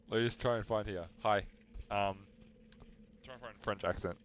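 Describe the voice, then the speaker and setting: Male streamer, casual self-talk; low, slow delivery on a slightly dull mic. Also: steady tone, slight background noise. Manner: muttering to himself while searching. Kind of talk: casual live-stream chat.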